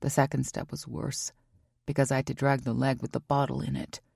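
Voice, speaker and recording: A woman narrates a romance audiobook in a low, gravelly voice. Her tone is dark and husky, the delivery intimate and emotive. The recording is dry and close. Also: level tone, brisk, no room sound. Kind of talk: scripted first-person romance narration.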